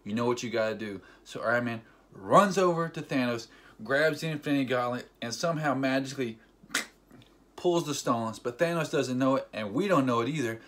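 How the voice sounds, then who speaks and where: Excited man retelling a movie. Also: medium pitch, moderate pace. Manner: animated storyteller with sound effects; loose, rambling, filler-heavy delivery. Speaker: movie fan vlogger. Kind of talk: casual excited movie recap.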